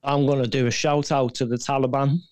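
A man's voice: medium pitch, flat delivery, fairly quick, a little mellow, no echo. A man co-hosting a satirical podcast chat, giving blunt, sardonic opinions. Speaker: podcast co-host. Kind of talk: satirical pub-style chat.

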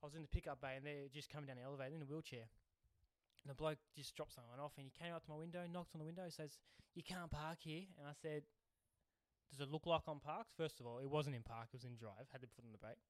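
An Australian man co-hosting a podcast, telling stories in a casual, animated way and getting worked up as he talks. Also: fairly high pitch, no echo, clean studio sound. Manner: animated storytelling, quick to anger. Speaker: podcast co-host. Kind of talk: casual chat.

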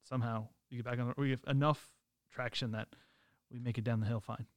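A man co-hosting a podcast, telling a story in an animated way and laughing often. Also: mid-range voice, quick pace, no room sound. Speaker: podcast co-host. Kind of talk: casual storytelling.

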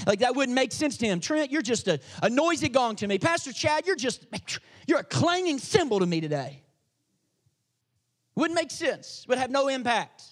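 A man preaching a sermon as pastor, energetic and dramatic, swinging between loud emphasis and hushed asides. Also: very high voice, moderate pace.

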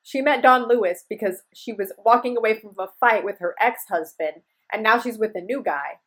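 Excitable young woman cutting in. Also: fairly high pitch. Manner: excitable, interrupts with rapid repeated "wait". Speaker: podcast co-host listening. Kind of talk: casual chat.

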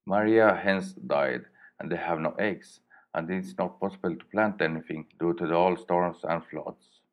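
A man with a Swedish accent, reading a story for his podcast in halting, plain English with many fillers. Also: sits low, highs cut off.

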